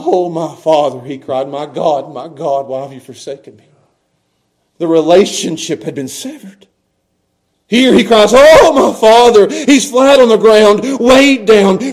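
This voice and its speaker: A middle-aged male pastor preaching a sermon, dropping to hushed low tones and then rising to loud, impassioned cries.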